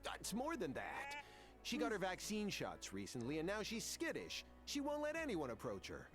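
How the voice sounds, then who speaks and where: A man's voice: high-pitched, moderate pace, soft background music, full character voice. An actor playing a self-doubting young male rancher who grew up in the city, in voiced game dialogue. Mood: weary. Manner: self-doubting, then excitable.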